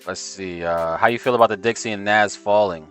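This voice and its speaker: A man's voice: lowish voice, a little fast, fairly bright tone, clean tone. A man giving casual, slangy live trading stream commentary and talking to his chat. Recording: faint music behind voice.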